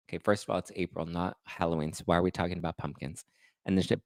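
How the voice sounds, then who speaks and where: A low-voiced man dishing reality TV gossip in a sassy, sarcastic way. He reads text messages aloud and cuts in with catty remarks. The recording is dry and close, with no room sound. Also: steady tone, fast, dry recording. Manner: sassy, sarcastic asides while reading texts aloud. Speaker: pop culture podcast host.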